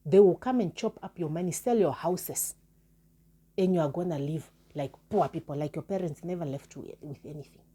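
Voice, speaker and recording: A woman's voice: low-pitched, normal speed, mellow, breathy edge. A woman vlogger giving an impassioned moral talk to her viewers, earnest and emphatic, repeating words for stress. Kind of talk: impassioned moral address to camera.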